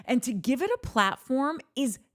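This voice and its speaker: A woman's voice: sits high, normal speed. Fired-up woman ranting on a podcast. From New Jersey. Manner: heated, ranting, animated storytelling. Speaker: podcast co-host. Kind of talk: casual reality-TV recap chat.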